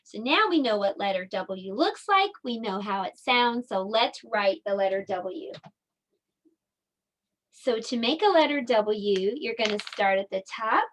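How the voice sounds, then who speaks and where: A middle-aged woman teaching a circle time lesson to young children in a slow, sing-song, animated voice. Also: on the high side. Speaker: preschool teacher.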